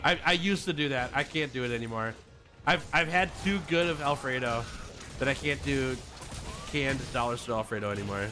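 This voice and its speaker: Game music and other background noise sit behind this man's medium-pitched voice as he streams at a normal speed. It's casual livestream chat: he jokes with viewers, laughs often, and reads their messages aloud.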